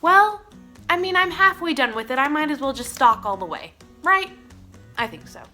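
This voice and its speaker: A young woman from Oklahoma tells a rambling, excitable story straight to her camera. Her voice sits a touch high with a bright, forward tone. She keeps breaking into little giggles, with faint music underneath. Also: moderate pace. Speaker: vlogger. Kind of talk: casual storytime vlog.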